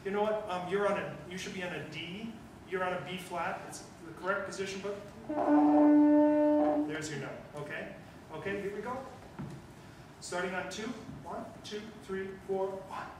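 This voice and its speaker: A man leads a school wind band through rehearsal, coaching in a brisk, direct way and counting and scatting rhythms aloud. His voice sits high for a man. He is picked up from well across an echoey rehearsal room, with clear background noise. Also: recorded from a distance. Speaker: guest band conductor. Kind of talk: ensemble rehearsal instruction. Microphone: far room mic.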